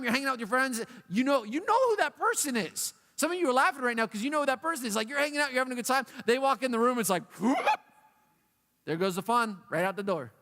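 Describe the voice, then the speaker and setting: A man preaching to a youth group, animated and playful, acting out a whining dog and other whiny voices. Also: very high-pitched. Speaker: youth pastor. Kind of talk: youth sermon. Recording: long hall reverb.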